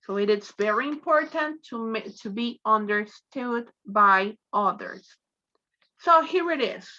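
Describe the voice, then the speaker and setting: A woman whose first language is Spanish teaches an online English class, explaining slowly and switching between English and Spanish. Her voice is high, bright, and animated, and the audio sounds dull.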